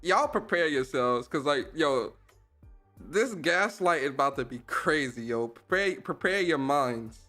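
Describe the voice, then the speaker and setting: A man's voice: fairly high pitch, measured pace, soft background music. A young man hosting a podcast, reacting to clips in casual, slangy commentary and laughing often. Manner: animated, slangy, laughs a lot.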